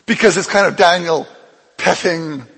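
A man pastor preaching a sermon, telling a Bible story with lively acted-out dialogue. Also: normal speed, gravelly. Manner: animated storytelling, acts out dialogue with swings in pitch and loudness. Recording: long hall reverb.

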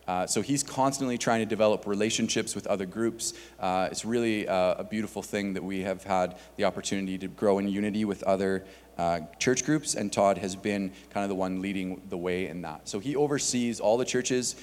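A man's voice: on the low side, fairly quick, a little mellow. A man on a church staff giving casual announcements to the congregation, with many filler words. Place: church sanctuary. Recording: long hall reverb.

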